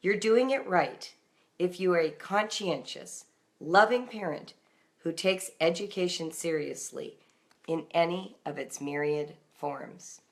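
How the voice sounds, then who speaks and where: Gentle encouraging woman, low voice. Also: a little slow. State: morning voice. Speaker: homeschool writer reading her daily book on a live stream. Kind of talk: reading aloud then casual live chat.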